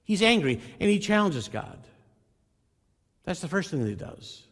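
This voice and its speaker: A man's voice: sits high, sing-song, moderate pace, vocal fry. A male pastor preaching a sermon in an earnest, emphatic way, often addressing the congregation as folks. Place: church sanctuary. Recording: reverberant church hall.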